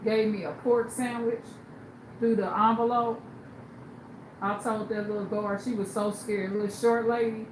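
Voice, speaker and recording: On a livestream, a woman with a slightly high voice speaks a little slowly, telling stories in a casual, blunt way and acting out the people she quotes. The room is echoey, with background noise.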